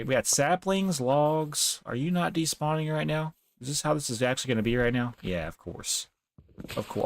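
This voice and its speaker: A man's voice: mid-range voice, no echo. A young man live-streaming a game, chatting casually, laughing often and talking to the characters on screen.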